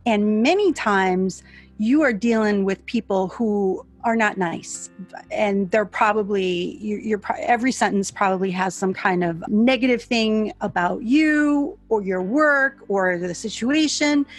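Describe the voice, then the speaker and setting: A woman speaking candidly and reflectively in a group conversation, restarting her sentences often as she thinks aloud. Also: a little high.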